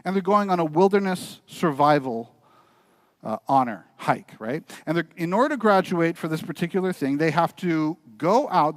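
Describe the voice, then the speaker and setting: A male pastor with a high-pitched voice tells a story in church, building toward an earnest, quieter exhortation of his listeners. There's no room sound in the recording.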